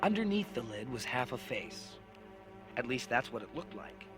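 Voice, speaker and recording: A man narrating a children's science fiction audiobook in an expressive storytelling manner. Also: medium pitch, moderate pace, over music. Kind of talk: audiobook narration with character voices.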